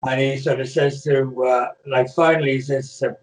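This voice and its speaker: A man's voice: mid-range voice, little pitch movement, moderate pace. An older man from Britain, a retired wrestler, telling rambling stories in a casual interview over a video call, full of restarts and fillers. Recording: echoey room, far from mic.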